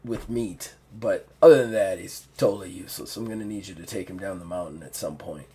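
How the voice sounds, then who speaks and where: A man voicing a big, blunt male orc with a gruff voice in a tabletop game. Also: low-pitched, fairly quick, dark tone, a little hiss or hum, pitched below the performer's own voice, natural voice. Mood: dismissive.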